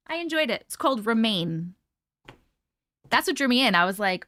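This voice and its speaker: A woman's voice: mid-range voice, sing-song, normal speed, a bit bright, no room sound. A young woman hosting a casual livestream, greeting viewers by name and chatting, short on sleep. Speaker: livestream host. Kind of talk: casual live-stream chat.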